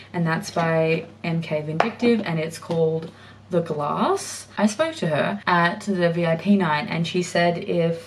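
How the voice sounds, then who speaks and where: A woman talks casually through her reading in a home vlog, thinking aloud and restarting her sentences. Her voice sits low. A faint hiss of room noise runs under it. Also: a little mellow, far from the mic. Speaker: book vlogger. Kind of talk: casual book review vlog. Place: home, working indoors.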